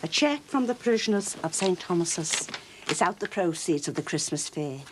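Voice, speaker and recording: Prim churchgoer, played by a woman: low voice, brisk and tart, noisy recording. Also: lively intonation, close to an everyday voice. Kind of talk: soap opera acting.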